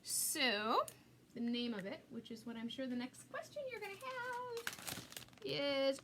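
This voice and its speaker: A woman's voice: high-pitched, very animated, normal speed, a bit bright, a little hiss or hum. A middle-aged woman hosting a casual live craft demo, chatty and self-mocking, laughing at herself often.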